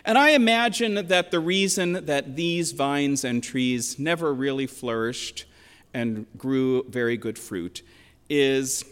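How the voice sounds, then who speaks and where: A man's voice: medium pitch, fairly bright tone, clean tone. Reflective older male preacher in a hall. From western Pennsylvania. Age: 60s. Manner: reflective, measured storytelling with emphatic quotations. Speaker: pastor. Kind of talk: sermon. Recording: long reverb of a large hall.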